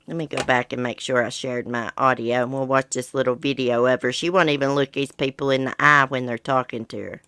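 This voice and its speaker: Low-pitched woman host reading news and making sarcastic comments, dry close sound. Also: steady tone, fairly quick, a bit bright, no echo. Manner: blunt and sarcastic asides.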